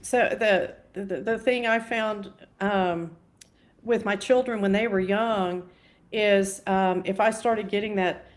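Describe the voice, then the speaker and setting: Reflective, halting middle-aged woman. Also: medium pitch, fairly even intonation. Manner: reflective, halting, many restarts. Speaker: guest. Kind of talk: casual conversational chat.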